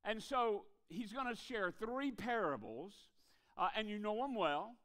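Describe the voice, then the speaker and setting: A man preaching a revival sermon in a church, telling jokes in a folksy, animated way. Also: sits high, unhurried. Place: church sanctuary.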